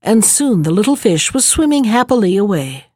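A woman reading a fairy tale aloud in measured, even narration. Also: mid-range voice, no room sound, studio quality. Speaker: storyteller.

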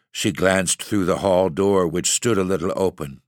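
A man narrating a gothic story in a measured, steady reading voice. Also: low voice, dry recording, clean studio sound. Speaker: narrator, podcast host.

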